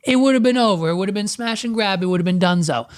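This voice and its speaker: A man's voice: high voice, fast talker, clean tone. A man co-hosting a podcast, casually recapping a TV episode with rambling restarts. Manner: rambling, lots of fillers and restarts. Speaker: podcast co-host.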